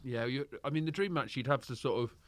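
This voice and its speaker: A man guesting on a chat podcast as a comedian, getting excited and laughing easily as he answers. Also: mid-range voice, dry recording. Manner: excitable, laughs often, quick bursts of enthusiasm.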